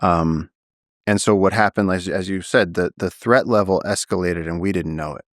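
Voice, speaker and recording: Deep voiced guy telling a wild story on a podcast, acts out the quotes, dry close mic. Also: moderate pace, no echo. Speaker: podcast guest, naturalist. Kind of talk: storytelling in a long-form interview.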